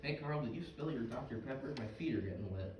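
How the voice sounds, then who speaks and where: A man's voice: medium pitch, lively intonation, fast, close to an everyday voice. An actor playing Mike, a chatty middle-aged fisherman who tells jokes and fish trivia in a comedy skit. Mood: storytelling. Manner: folksy, joke-telling, full of trivia. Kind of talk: scripted comedic dialogue. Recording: roomy, distant, noisy stage recording.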